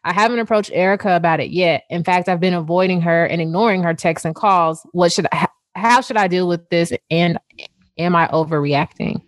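Woman co-host, brisk talker, measured reasoning, dry close mic. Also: fairly low pitch, dry recording. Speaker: podcast co-host reading a listener letter. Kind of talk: casual advice chat.

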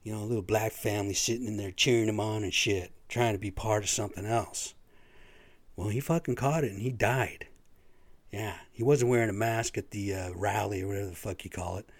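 A man's voice: lowish voice, fairly quick, dry recording. A man hosting a podcast, ranting in a rambling, profane monologue with a stuffy nose. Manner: profane, rambling, animated storytelling. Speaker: podcast host. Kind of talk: casual monologue rant.

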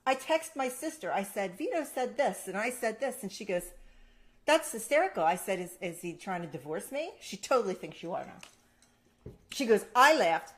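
A woman co-hosting a relaxed chat, ribbing her partner and spinning playful stories. Her voice sits at an ordinary middle pitch, with a chatty, lively delivery. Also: moderate pace. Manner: playful teasing, animated storytelling with laughs. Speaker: co-host. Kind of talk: casual chat.

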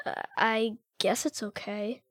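Small boy, sulky and whiny, high childish voice in a spooky audiobook. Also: steady tone, slow pace, bright, forceful tone, no echo, clean studio sound, heavily acted. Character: sulky little boy with an imaginary elf friend.

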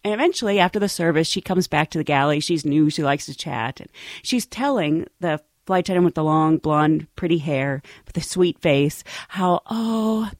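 A woman's voice: low-pitched, normal speed, dry recording. A woman flight attendant casually telling a playful work anecdote, laughing often as she goes.

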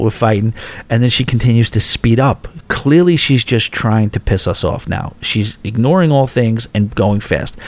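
Man telling a story on a podcast. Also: medium pitch. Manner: animated, quotes people in raised voices. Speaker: podcast host. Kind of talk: casual storytelling.

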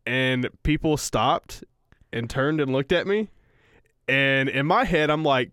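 A man's voice: mid-range voice, slow pace, fairly bright tone, smooth, no room sound, clean studio sound. A man co-hosting a casual podcast, rambling through an awkward story, swearing and laughing at himself. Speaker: podcast co-host.

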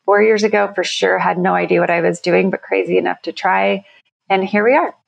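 A woman company founder, guest on an interview, explaining her work energetically with quick everyday examples. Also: medium pitch, fairly even intonation, creaky, lo-fi sound. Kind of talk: conversational interview.

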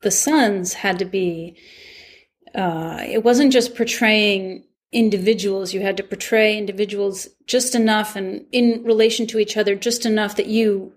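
A woman with a mid-range voice talks casually and reflectively. She pauses often and trails off as she looks for words, soft and unhurried. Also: medium pitch, steady tone. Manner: thoughtful, soft-spoken, searching for words. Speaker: actress reminiscing with former castmates. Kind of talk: casual chat.

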